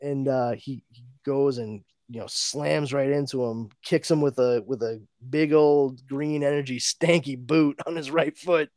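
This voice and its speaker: A man's voice: mid-range voice, measured pace, no echo, studio quality. A man hosting a comic book podcast, retelling the story casually, laughing often and acting out the characters' lines. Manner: animated, laughs often, acts out dialogue.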